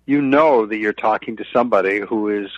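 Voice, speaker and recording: A man's voice: on the low side, a little fast, no room sound. Male radio guest, middle-aged, earnest, stumbles over openings; dull lo-fi remote line, dry. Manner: earnest, repeats words when starting thoughts. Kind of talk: business radio interview.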